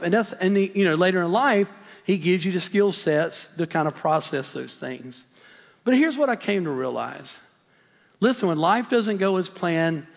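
A man in his fifties with a high voice preaches a sermon in a church sanctuary. He tells his story earnestly and leans on emphatic repetition. His voice trails off into a long hall reverb. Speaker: pastor.

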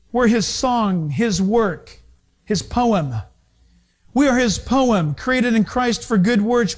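A male pastor preaching a sermon, animated, acting out little dialogues as he goes. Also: very high-pitched.

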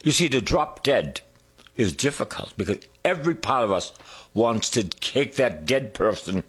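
A man preaching a sermon, drawing out his words, singing a hymn line and dropping to hushed whispers. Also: mid-range voice, lively intonation, breathy edge. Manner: slow, drawn-out preaching with sung lines and hushed whispers.

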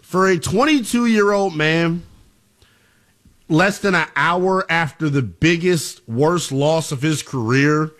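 A man hosting a sports talk radio show, excitable and emphatic as he talks to callers. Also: on the high side, slow pace.

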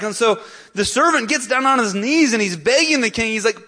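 A man's voice: extremely high pitch, expressive, brisk, sharp tone. A male pastor preaching a sermon in an earnest, emphatic way, lifting his voice on key points.

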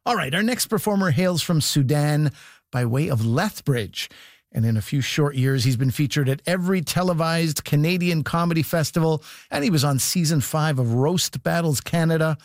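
A man's voice: on the high side, normal speed, dry recording, studio quality. A man hosting a comedy show and introducing the next act with an announcer-style build-up. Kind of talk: introducing a performer.

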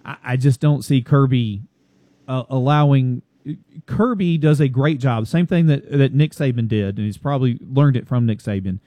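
Emphatic man with a dark, dry voice. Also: mid-range voice, dry recording. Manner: emphatic, repeats his points. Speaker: sports talk co-host. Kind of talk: casual sports debate.

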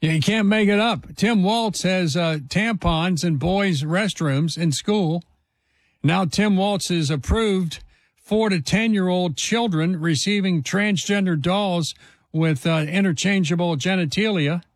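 A man's voice: sits high, unhurried, dry recording. Indignant male talk radio host. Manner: indignant, emphatic, rhetorical questions. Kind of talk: opinionated talk radio monologue.

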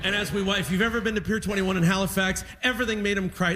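High, bright-voiced comedian. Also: male voice, fast, hardly any pauses, a little hiss or hum, poor audio. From Canada. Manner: animated, laughing, acts out family members. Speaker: stand-up comedian. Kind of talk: live stand-up storytelling. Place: live stage in a concert hall.

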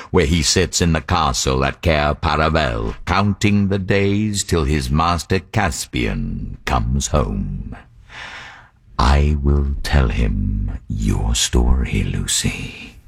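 An actor playing a great, wise male lion in a radio drama, speaking slowly, gravely and gently in a very deep, husky voice. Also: heavily acted.

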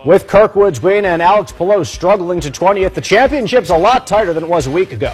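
A man delivering a TV sports news report in a lively, punchy way. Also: high voice, a little fast, faint music behind. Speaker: sports anchor.

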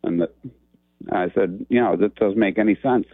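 Deep guy phoning into a radio show, plain talker, chuckles a lot, thin phone sound. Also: moderate pace, creaky, no room sound. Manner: plain-spoken, laughs through the story. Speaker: caller. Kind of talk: telling a story on a call-in show. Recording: tinny phone line.

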